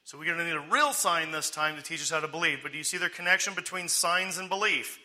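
A fast-talking American preacher with a high, bright, forceful voice teaches a Bible passage as if in conversation. He frequently checks in with "okay?" and brings the people he quotes to life with sarcastic humor.

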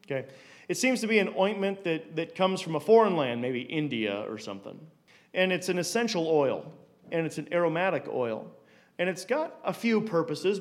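Male Bible teacher, fairly high voice, conversational, stumbles and repeats words, leans on rhetorical questions.

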